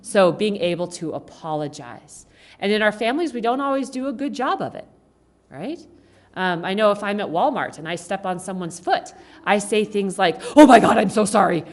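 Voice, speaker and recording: A woman giving an informal, conversational talk to a church congregation, animated and acting out quoted speech along the way. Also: medium pitch, moderate pace. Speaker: guest speaker at a church service.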